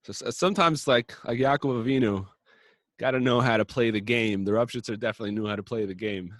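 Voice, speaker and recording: A man casually telling a story on a podcast, acting out the characters' quotes in lively voices. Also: mid-range voice, fast, dry recording, studio quality. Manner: animated, acts out characters' quotes. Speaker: podcast co-host.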